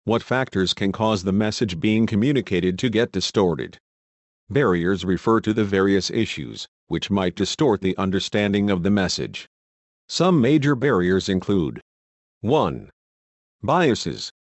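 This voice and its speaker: Low-voiced man narrating a lesson. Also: expressive, no echo. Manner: measured, explanatory reading with spoken examples. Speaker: teacher. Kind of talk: scripted educational narration.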